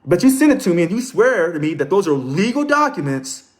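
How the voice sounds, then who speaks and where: A man's voice: sits high, sing-song, fairly quick. A man hosting a casual live stream, reading aloud, commenting and greeting viewers by name. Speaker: livestream host.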